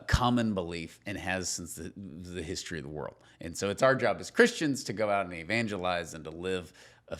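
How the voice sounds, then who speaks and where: Low-ish guy cohosting a podcast, jokey and loose, mumbles off sometimes. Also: fairly bright tone. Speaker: podcast co-host. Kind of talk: casual podcast chat.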